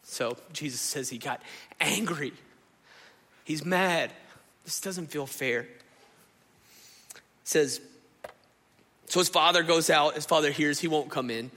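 A man, preaching a sermon in a lively, conversational way and often turning to the congregation. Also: fairly high pitch, slow pace, pauses often. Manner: animated, conversational preaching, addresses crowd as y'all. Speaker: pastor. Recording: echoey hall.

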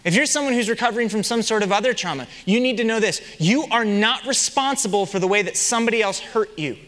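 A man's voice: high-pitched, quick pace, long reverb tail. A young man preaching a sermon, telling stories and asking the congregation rhetorical questions. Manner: animated storytelling with rhetorical questions. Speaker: pastor.

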